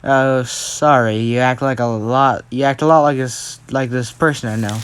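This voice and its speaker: A man's voice: mid-range voice, steady tone, moderate pace, fairly bright tone, smooth, no echo, natural voice. A young man voicing an easygoing teenage boy hero in his own plain voice while retelling a fan story.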